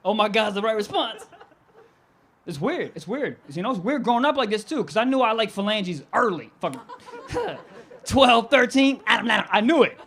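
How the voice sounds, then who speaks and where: A man's voice: sits high, very animated, a little fast, fairly bright tone, a little hiss or hum. A young man doing live stand-up comedy, brash and profane, laughing and riffing on the crowd.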